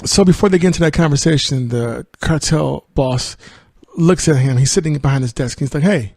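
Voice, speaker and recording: A man's voice: fairly high pitch, brisk, vocal fry, a little mellow, dry recording, clean studio sound. A man hosting a podcast, casually retelling and reviewing a film in a rambling way. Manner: rambling, with fillers and laughs. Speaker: podcast host.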